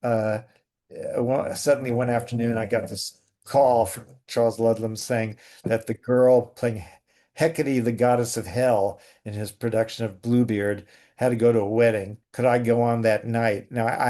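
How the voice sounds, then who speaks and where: A man being interviewed as a guest, a playwright and actor telling lively theatrical anecdotes in a casual chat. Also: mid-range voice, normal speed.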